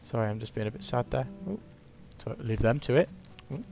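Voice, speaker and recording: A man's voice: medium pitch, lively intonation, brisk, vocal fry, darkish tone, faint music behind. A man giving casual, playful, self-mocking commentary while narrating his gameplay.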